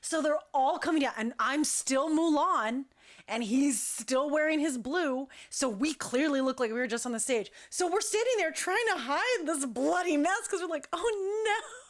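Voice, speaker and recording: A woman who directs a dance crew, telling an animated, chatty story full of "like" fillers. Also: high-pitched, moderate pace. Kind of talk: casual storytelling.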